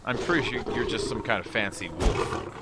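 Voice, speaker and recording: A man streaming a game, chatting casually with a teammate in a playful, animated way and swearing freely. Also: fairly low pitch, normal speed, heavy background noise. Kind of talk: casual gameplay commentary.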